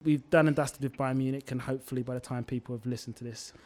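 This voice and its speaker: A man's voice: mid-range voice, fairly even intonation, fast talker, darkish tone. A man hosting a casual podcast chat, chatty, playful, often laughing. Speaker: podcast host.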